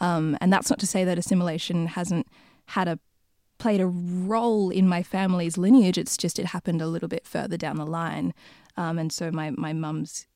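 A woman's voice: fairly low pitch, level tone, moderate pace, mellow, no echo, clean studio sound. A young woman from the UK, a podcast guest who speaks hesitantly with many restarts in a reflective casual chat.

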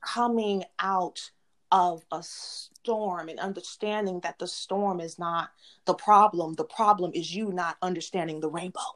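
A woman in her forties, a guest sharing personal spiritual reflections in an earnest, reflective way, often pausing and restarting mid-phrase. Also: fairly low pitch, fairly even intonation. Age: 40s. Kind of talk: heartfelt personal sharing on a podcast.

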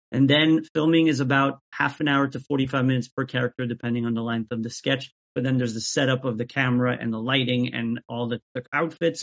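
A man talking as an interview guest about making sketches, even-keeled and often restarting his sentences. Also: medium pitch. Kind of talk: casual interview chat. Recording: dull lo-fi audio.

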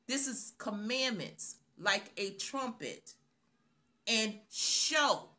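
Woman preacher, sermon delivery, unhurried and emphatic, bright edge to the voice. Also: medium pitch, lively intonation. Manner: emphatic, repeats phrases for stress.

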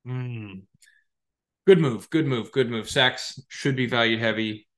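A young man hosting a podcast, talking casually about his fantasy football league in a rambling, excitable and profane way. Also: mid-range voice, takes it slowly. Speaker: podcast host.

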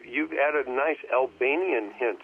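Man rambling over a tinny phone line. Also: mid-range voice. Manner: rambling, halting, searching for words. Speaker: guest on a commentary track. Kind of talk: casual chat.

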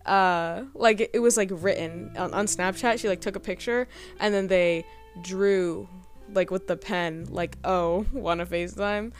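A woman's voice: medium pitch, steady tone, measured pace, faint music behind. A young woman hosting a podcast, telling a personal story in a rambling, hesitant way, full of fillers. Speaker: podcast host.

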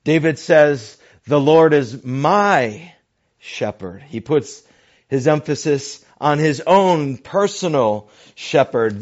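A man preaching a sermon at an unhurried, measured pace, pausing over phrases. He often sinks to a soft, hushed tone for emphasis. The sound is a bit dull and lo-fi. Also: fairly high pitch. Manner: slow, deliberate preaching with dramatic drops to near-whispers. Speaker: pastor. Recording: dull lo-fi recording.

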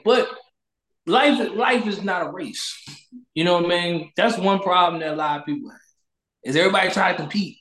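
A man's voice: high-pitched, a bit bright, reverberant. A man hosting a casual talk show, speaking loosely and preachily and repeating his catchphrases. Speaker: podcast host. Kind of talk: casual chat.

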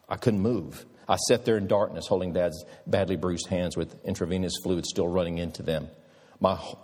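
A man's voice: low-pitched, a little mellow. A man preacher telling a moving story in an earnest sermon, ending with a pleading appeal. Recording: reverberant hall.

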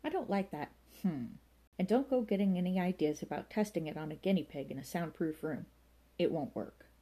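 A woman's voice: on the low side, lively intonation, brisk, mellow. A woman voicing Mister Giggles, dry and knowing. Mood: warning. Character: dry, knowing male storyteller of dark lore.

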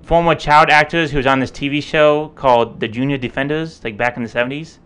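A man's voice: medium pitch, steady tone, a little fast, a bit bright, smooth. A man co-hosting a podcast, chatty and playful, often laughing. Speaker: podcast co-host. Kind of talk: casual chat.

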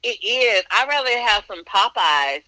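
A woman with a Northern US accent co-hosting a podcast, talking in a blunt, profane, animated way. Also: medium pitch, unhurried, rough recording. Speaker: podcast co-host. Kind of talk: casual chat.

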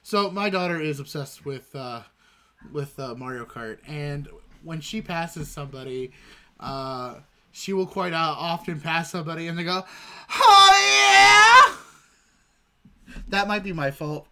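Bright-voiced man rambling on a podcast. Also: on the high side, normal speed. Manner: rambling, loose storytelling with many fillers. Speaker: podcast co-host. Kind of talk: casual chat.

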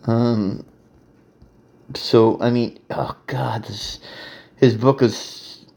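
A man's voice: medium pitch, fairly even intonation, drawn-out words, creaky, darkish tone. A man hosting a solo podcast, rambling in a crude, casual way and laughing often. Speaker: podcast host.

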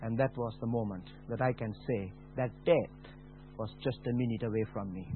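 A man preaching a personal testimony, dropping to a hush and then rising to a shout. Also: medium pitch, slight background noise. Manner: slow, dramatic, swings from hushed to shouting. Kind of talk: testimony sermon. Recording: tinny phone-like sound.

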